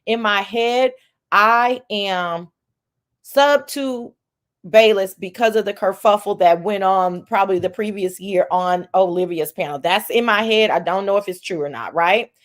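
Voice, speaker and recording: A woman hosting a livestream, giving profane, animated commentary, reading viewer messages. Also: mid-range voice, unhurried. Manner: animated, profane, reads chat aloud. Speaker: livestream host. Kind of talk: casual commentary chat.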